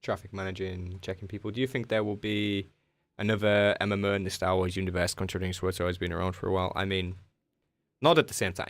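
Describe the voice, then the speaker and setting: A man's voice: low-pitched, flat delivery, fast talker. A man with an English accent, a game streamer in casual chat with his viewers, joking and answering their questions. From England.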